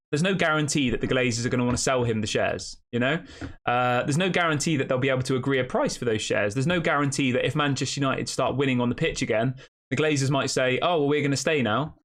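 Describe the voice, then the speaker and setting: Guy hosting a fan channel, mid pitch, chatty, keeps going "uh sorry" and fixing himself, lots of "right?" and "you know?". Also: a bit bright. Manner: thinks aloud, corrects himself often, asks rhetorical questions. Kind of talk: casual opinion commentary.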